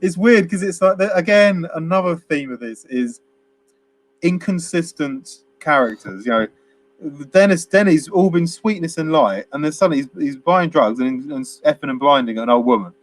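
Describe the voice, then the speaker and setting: A man's voice: on the high side, lively intonation, moderate pace. A man co-hosting a casual film review chat, rambling and laughing as he acts out quotes. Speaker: podcast co-host.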